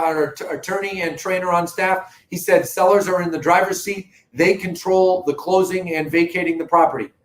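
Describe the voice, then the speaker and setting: Emphatic Boston man pitching to viewers. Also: roomy sound, a little hiss or hum, poor audio. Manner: earnest, emphatic sales talk addressing viewers directly. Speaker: real estate company host. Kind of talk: live video market update.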